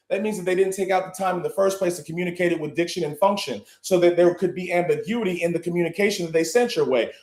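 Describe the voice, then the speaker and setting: A man's voice: high-pitched, echoey room. A man hosting a live online session, talking bluntly and boastfully, swearing often. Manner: profane, boastful, blunt, with bursts of laughing and shouting. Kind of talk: brash motivational talk.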